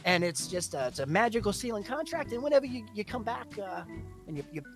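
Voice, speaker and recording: A man playing a sly, greedy shopkeeper who coaxes and stammers through his deals. His voice is gravelly and lively in pitch, and music plays clearly behind him. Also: fast, exaggerated voice. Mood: persuasive. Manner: wheedling, stammering, full of fillers. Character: shady male shopkeeper, wheedling and greedy.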